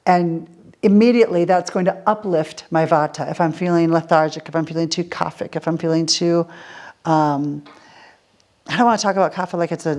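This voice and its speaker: A woman's voice: fairly low pitch, a little mellow. A woman teaching a casual question-and-answer class, explaining with everyday examples and asking her listeners rhetorical questions. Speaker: essential oils teacher. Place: group class with students.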